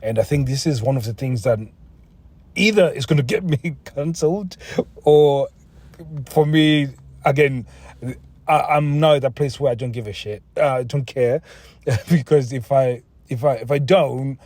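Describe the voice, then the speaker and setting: A man's voice: medium pitch, dark tone, slightly rough, no echo. A man hosting his own podcast, talking in a frank, rambling way with frequent restarts and the occasional swear word. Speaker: podcast host. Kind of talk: solo podcast monologue.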